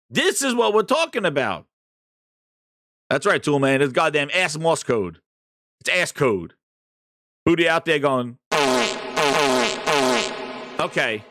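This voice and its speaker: High, bright-voiced ranting male streamer. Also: dry recording. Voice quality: profane, mocking. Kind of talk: ranting game commentary.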